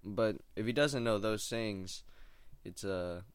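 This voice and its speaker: A laid-back young man talks in a loose, wandering monologue, full of slang and side thoughts. His voice sits on the low side, and the sound is close and dry with no room echo. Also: slow, smooth. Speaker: stand-up comic doing open mics. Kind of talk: casual rambling monologue.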